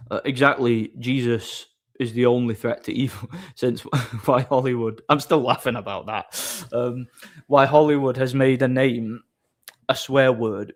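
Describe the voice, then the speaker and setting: A young man chatting casually on his livestream, telling rambling door-work stories and laughing at them. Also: medium pitch. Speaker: streamer and bar doorman.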